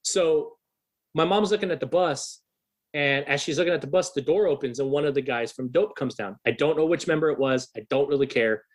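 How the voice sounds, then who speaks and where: A man in his thirties, a musician guest on a podcast, telling a story in a casual, swearing, animated way. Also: on the high side, brisk. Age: 30s. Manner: swears freely, animated retelling.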